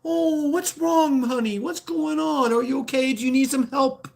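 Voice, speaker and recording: A man mimicking a sympathetic woman who coos over a crying stranger in a high, slow voice. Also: gravelly. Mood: cooing.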